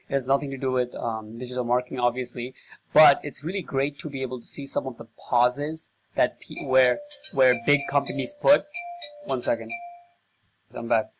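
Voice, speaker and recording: Rough audio captures a mid-range male voice as a digital marketing salesman rambles casually to camera, working through his thoughts on sales scripts out loud.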